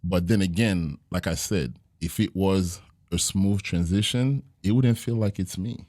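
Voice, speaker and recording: A man with a very deep voice speaks earnestly in a casual podcast interview. He tells his stories reflectively and often pauses on fillers. The sound is dry and close, with almost no room. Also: a little mellow, dry recording. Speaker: jiu-jitsu gym owner and podcast guest.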